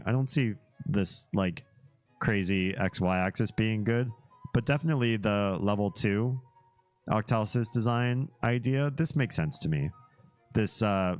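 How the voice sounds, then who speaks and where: A man with a very low, deep voice hosts a relaxed livestream and talks his way through a web page with his viewers. He wanders off into asides and chuckles as he goes. A soft musical bed plays faintly underneath. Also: no room sound. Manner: easygoing and rambling, drifting into asides and small laughs. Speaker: livestream host. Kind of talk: casual livestream chat, reacting to a web page and chat.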